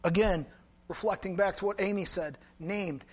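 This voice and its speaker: High-voiced pastor telling a story. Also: male voice. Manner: conversational, animated storytelling with quick asides. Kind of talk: storytelling sermon.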